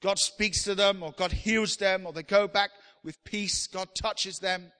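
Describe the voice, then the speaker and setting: A man preaching a sermon with passion, often rising to loud, emphatic appeals. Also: high voice, steady tone, a little slow. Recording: long reverb of a large hall.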